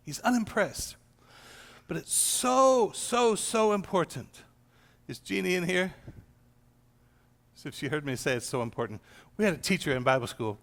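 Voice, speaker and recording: A pastor leads an informal church gathering, teaching a small group by telling a Bible story and acting out its quoted lines. His voice sits high and is gravelly and fairly bright, expressive, at normal speed with long pauses. The church room carries a long hall reverb.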